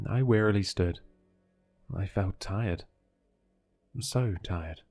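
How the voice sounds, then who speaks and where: Casting: a low, mellow male horror narrator, steady and measured, with faint music underneath.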